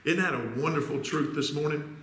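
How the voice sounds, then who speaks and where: A man's voice: fairly high pitch, fairly quick, fairly bright tone, roomy sound. A man preaching a sermon as pastor, reading scripture aloud and putting questions to his congregation. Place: church sanctuary.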